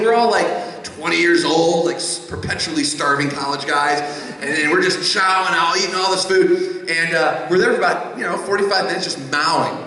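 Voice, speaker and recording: Animated male storyteller in a reverberant hall. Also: sits high. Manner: animated, rambling, self-deprecating. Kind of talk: live storytelling. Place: live stage venue. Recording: echoey live hall.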